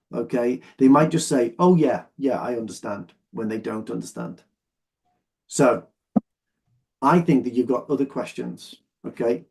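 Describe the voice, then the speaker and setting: Man teaching, mellow voice. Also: mid-range voice. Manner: checks understanding often, patient and explanatory. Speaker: English exam teacher. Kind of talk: online lesson, explaining while sorting phrases.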